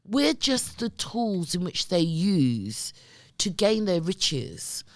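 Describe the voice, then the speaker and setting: A middle-aged woman, a guest, telling stories in an emphatic, animated way and often checking in with her listener. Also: lowish voice, slow pace, no echo, clean studio sound. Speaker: guest, community development worker. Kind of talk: conversational storytelling.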